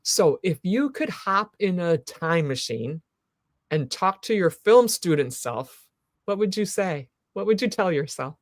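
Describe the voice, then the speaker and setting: A woman hosting a live talk show, effusive and encouraging, rambling warmly through her questions and sign-off. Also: fairly low pitch, animated, a little slow, no echo, clean studio sound.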